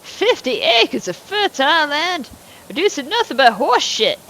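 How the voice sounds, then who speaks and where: A woman's voice: sits high, big pitch swings, a little slow, a bit bright, pitched above the performer's own voice, full character voice. A woman voicing a hot-tempered older male farmer with a blustering drawl in a game.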